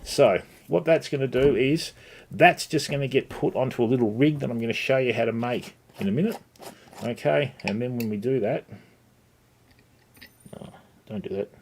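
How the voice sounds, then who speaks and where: Gravelly and medium-pitched, this man talks at a normal pace but pauses often, with slight background noise behind him. He is a middle-aged host of a casual fly-tying livestream who chats with viewers, greets them by name, and keeps saying "okay" and "mate."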